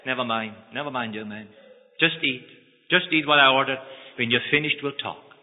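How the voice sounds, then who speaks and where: A man voicing a wealthy middle-aged male lawyer who speaks calmly, gently and solemnly, told within a sermon. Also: medium pitch, moderate pace, close to an everyday voice. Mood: gentle. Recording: tinny phone-like line, echoing hall.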